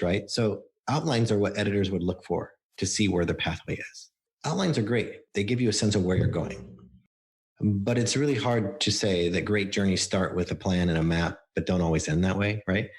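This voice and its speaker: A man with a very low, deep voice speaks as a podcast guest. He explains his work through anecdotes and often acts out what his clients said. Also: lively intonation, normal speed. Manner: explains with stories and acted-out quotes. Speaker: book coach guest. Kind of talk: podcast interview.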